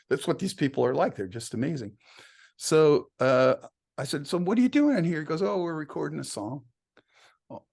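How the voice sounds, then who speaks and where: A man's voice: mid-range voice, gravelly. A man, a songwriter guest in an interview, telling anecdotes casually, laughing often and acting out the dialogue he quotes.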